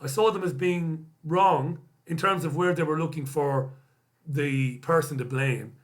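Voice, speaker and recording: A man's voice: on the high side, measured pace. A man hosting a live stream, reading out viewer comments and answering them bluntly, swearing now and then. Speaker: host.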